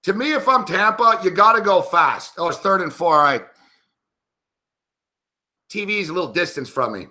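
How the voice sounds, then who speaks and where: A man's voice: high voice, sharp tone. Profane, frustrated man ranting at a game. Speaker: sports betting analyst. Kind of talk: live game reaction commentary.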